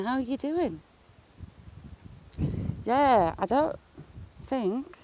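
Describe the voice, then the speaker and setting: A woman's voice: on the high side, expressive, slow, long pauses, warm tone, a little hiss or hum, rough recording. Sarcastic woman live-streaming outdoors. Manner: chatty and teasingly sarcastic, greeting viewers by name. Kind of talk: casual live-stream chat. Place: outdoors walking beside a lake.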